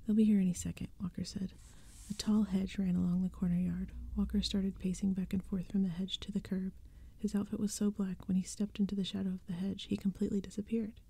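Woman, whispered role-play, close mic, dark, mellow, gravelly whisper. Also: mid-range voice, flat delivery, fairly quick. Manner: soft, breathy whispered reading. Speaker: ASMR storyteller.

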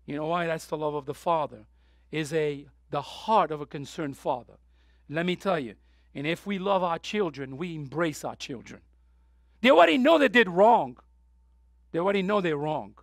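A man preaching a sermon with passion, going from soft, tearful moments to loud, urgent appeals. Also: a little high, moderate pace, no echo, clean studio sound. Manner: impassioned, swings from soft to loud; emotional, near tears. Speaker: pastor.

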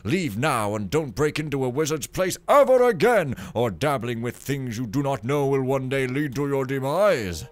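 A man's voice: mid-range voice, lively intonation, moderate pace, hardly any pauses, voice pushed up, lightly acted. A man voicing a haughty male wizard who declaims a stern written warning. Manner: grandiose, declaiming.

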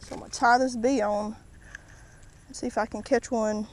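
A woman's voice: fairly high pitch, steady tone, normal speed, a little hiss or hum, poor audio. A woman vlogging outdoors by the water, casually narrating each catch and chatting to the fish as she unhooks them. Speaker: fishing vlogger. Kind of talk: casual play-by-play while fishing.

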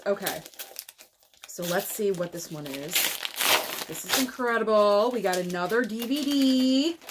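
A middle-aged American woman talks her way through an unboxing, chatty and excitable. Her voice sits at an ordinary mid pitch, and she gushes over each movie as it comes out of the box. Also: a little hiss or hum. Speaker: movie collector vlogger. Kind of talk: casual unboxing chat.

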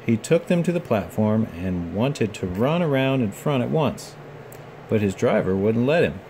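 A man with a fairly low voice reads a children's picture book aloud. His storytelling stays gentle and measured, with a faint hum in the background. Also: expressive.

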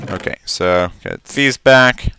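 A man's voice: lowish voice, slow, gravelly, pushed and bright, slight background noise. A man giving casual, rambling commentary while playing a game, talking to himself and stammering when surprised. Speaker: Let's Play commentator.

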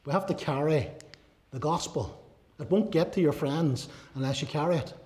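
A male pastor preaching a sermon, earnest, with many rhetorical questions and a voice that drops soft and low on key phrases. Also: normal speed.

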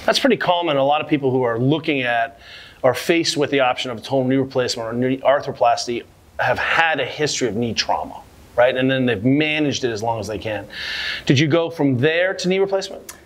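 A man in his forties leads the interview in an easy conversational way. His voice sits at a middle pitch, and he keeps things moving with engaged, probing follow-up questions. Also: brisk. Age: 40s.

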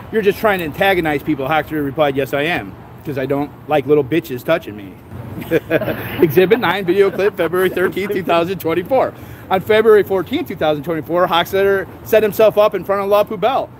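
Standing outdoors, a male vlogger with a high voice stumbles through reading court documents, interrupting himself with sarcastic, laughing comments. There's slight background noise.

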